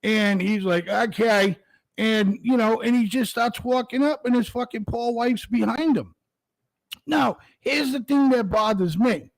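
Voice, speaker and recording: A man's voice: very high-pitched, unhurried, vocal fry, no room sound, low-quality recording. A man hosting a morning show, rambling in a casual, profane monologue full of fillers.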